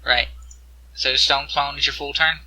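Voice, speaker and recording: Husky, bright-voiced man as game master. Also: a little high, steady tone, unhurried, no echo, poor audio. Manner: explains rules, narrates with restarts. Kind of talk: running a tabletop game over voice chat.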